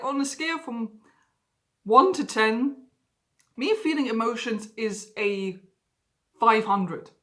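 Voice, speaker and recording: A woman talking openly and personally to camera in a confessional vlog. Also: medium pitch. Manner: candid, emotionally open storytelling. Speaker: vlogger.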